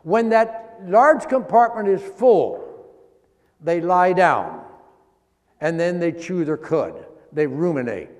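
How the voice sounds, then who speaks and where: A man preaching a sermon, explaining scripture line by line in a folksy, teaching way and slowing down to stress the verses. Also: sits high, animated, a little mellow, in a large hall. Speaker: pastor.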